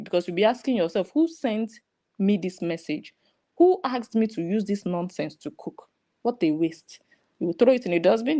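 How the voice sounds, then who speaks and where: An online commentator with a Nigerian English accent delivers a ranting commentary, sarcastic and scolding. Her voice is medium-pitched and a little mellow.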